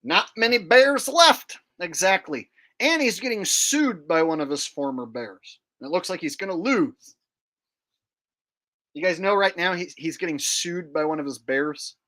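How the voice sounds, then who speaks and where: A man's voice: sits high, lively intonation, measured pace, pushed and bright. A man hosting his own channel and giving a casual commentary rant in a sneering, boastful tone, swearing freely. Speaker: channel host.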